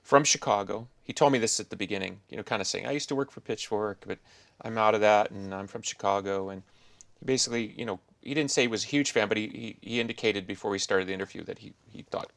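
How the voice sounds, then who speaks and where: A man's voice: fairly low pitch, quick pace, vocal fry, a bit bright, no echo. A middle-aged man hosting a podcast, talking in a thoughtful, rambling, musing way. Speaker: podcast host. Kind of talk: casual interview chat.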